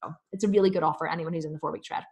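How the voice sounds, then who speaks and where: A woman hosting a live fitness Q&A, reading out viewers' comments and answering them in a fast, chatty, enthusiastic way with many restarts. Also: low voice, fairly even intonation, a little mellow.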